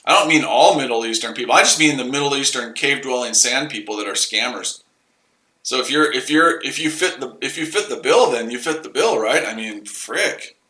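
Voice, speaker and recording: A man's voice: medium pitch, expressive, brisk, pushed and bright, echoey room, low-quality recording. A man hosting a casual live trading stream, rambling and repeating himself as he explains his trades. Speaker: trading livestream host.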